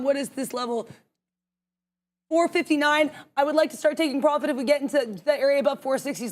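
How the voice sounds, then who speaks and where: A young woman calls her trades aloud on a live stream, talking quickly and emphatically and pushing her voice high when she gets excited. She thinks out loud and argues with herself before committing to a trade. The delivery is fast, animated market commentary. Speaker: co-host trading live.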